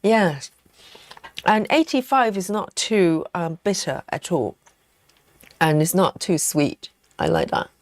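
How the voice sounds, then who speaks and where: Female stream host, lowish dry voice, chatty and giggly, answers chat between bites of chocolate. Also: very animated, takes it slowly, no room sound. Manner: chatty and giggly, reads viewer comments aloud; snacks on chocolate while talking. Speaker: livestream host. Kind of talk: casual live-stream chat while cross-stitching.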